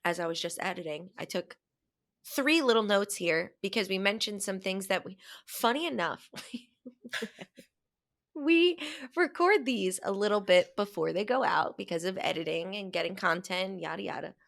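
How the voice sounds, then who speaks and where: A young American woman co-hosts a podcast, chatting casually and drifting into rambling asides. Her medium-pitched voice moves at a normal speed, fairly bright in tone with vocal fry.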